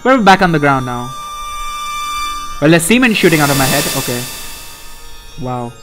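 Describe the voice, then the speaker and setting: A young man hosting a let's play, reacting excitably and profanely to a puzzle game as he plays. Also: on the high side, normal speed, music in the background. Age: young adult. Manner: excitable, profane, often laughing. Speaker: gaming channel host.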